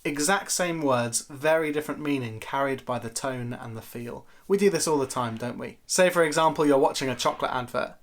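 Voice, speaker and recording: A man's voice: mid-range voice, brisk, hardly any pauses. A man giving a conversational, lightly playful Bible teaching talk to camera for a church video series.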